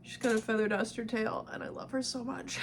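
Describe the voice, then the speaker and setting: A woman in her twenties, vlogging casually and talking to her past self, emotional and quick to laugh and tear up. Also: a little high, fairly even intonation, slight background noise. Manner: emotional, laughs and cries easily, swears casually.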